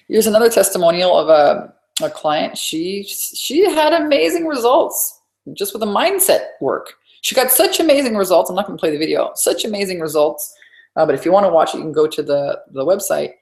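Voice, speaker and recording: Low-voiced woman coaching on a webinar. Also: animated, normal speed, a little mellow. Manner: emphatic, repeats key phrases; chatty, conversational asides. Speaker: business coach. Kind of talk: live webinar teaching.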